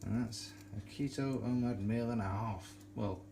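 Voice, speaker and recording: A man's voice: medium pitch, moderate pace, creaky, warm tone, slight background noise, poor audio. A man hosting a casual cooking and eating vlog, chatty and self-mocking, chuckling often. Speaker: cooking vlogger.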